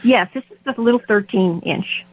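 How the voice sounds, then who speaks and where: A woman's voice: medium pitch, normal speed, no room sound, lo-fi sound. A woman from Indiana calling in to a radio show, nervous and rambling as she explains her problem. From Indiana, USA. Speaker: caller. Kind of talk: phone-in call. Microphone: telephone.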